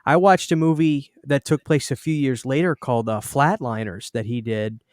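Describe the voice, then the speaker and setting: A man's voice: medium pitch, moderate pace, no echo, studio quality. A man hosting a podcast chat, asking questions in a hesitant way. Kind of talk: casual chat.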